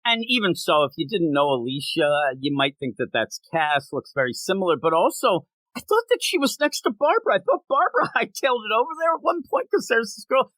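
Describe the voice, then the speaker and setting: Man co-host, casual comics chat, bright and sharp tone, dry close mic. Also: sits high, dry recording, poor audio. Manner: animated, laughs a lot, acts out quick character voices. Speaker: podcast co-host.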